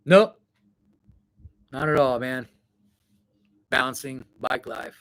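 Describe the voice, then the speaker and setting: A man's voice: medium pitch, takes it slowly, a bit bright. A man vlogging live to his viewers, talking in a meandering, reflective way while he packs for a trip. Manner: meandering, reflective, talks straight to chat. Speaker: travel vlogger on a live stream. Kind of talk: rambling casual live chat. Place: indoors, packing for a trip.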